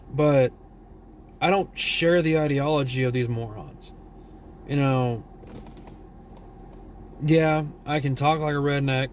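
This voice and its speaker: A man's voice: medium pitch, slight background noise. A tired man from Texas with a Southern drawl, vlogging a blunt, profane, rambling rant. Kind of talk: casual opinion rant.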